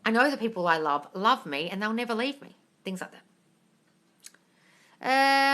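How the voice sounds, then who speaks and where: A woman's voice: fairly high pitch, expressive, measured pace, pauses often, a bit bright. A woman hosting a live-stream question-and-answer session, coaching viewers directly and calling them darling. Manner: swears casually.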